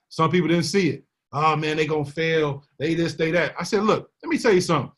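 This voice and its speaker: A man tells his team a business story. He slips into the voices of the people he quotes, full of animated energy. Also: sits high. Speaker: network marketing leader.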